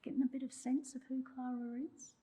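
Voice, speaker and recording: This journalism historian speaks briskly in a high, warm voice with little pitch movement and a breathy edge, and the audio is poor. She is a woman delivering a prepared public oration, with wry remarks to her listeners.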